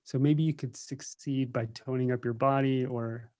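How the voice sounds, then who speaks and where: Speaking at normal speed with fairly even intonation, this man has a medium-pitched, slightly mellow voice. He's a meditation teacher from the United States, a podcast guest who tells casual stories, jokes, laughs a lot, and imitates the voices he quotes.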